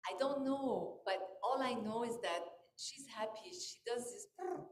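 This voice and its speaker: A woman's voice: fairly high pitch, a little slow, roomy sound. A woman taking part in a casual group discussion, talking in a rambling, affectionate way. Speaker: participant.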